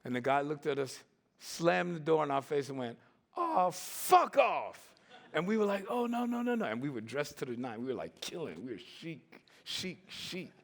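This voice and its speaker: A man in his sixties telling stories on a conference stage in a lively way, acting out the voices and laughing often. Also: mid-range voice, normal speed, creaky. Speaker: conference speaker. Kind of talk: storytelling talk.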